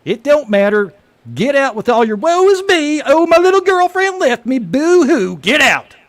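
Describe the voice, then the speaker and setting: A man voicing a hot-tempered male bartender who yells and mocks in a high, strained voice. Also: sing-song, moderate pace, dry recording, heavily acted. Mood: mocking.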